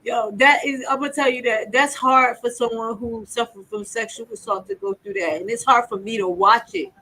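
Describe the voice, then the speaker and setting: A woman hosting a livestream gives heated, outspoken commentary and swears freely. Her voice is high and bright. She reacts with open agitation. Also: steady tone, normal speed, rough recording. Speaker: livestream host.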